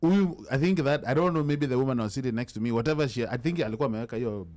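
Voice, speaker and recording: A man's voice: medium pitch, very fast, a little mellow, slight background noise. A man with a Kenyan accent hosting a casual live-stream chat, switching freely into Sheng and reading out viewer comments as they come in. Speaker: host.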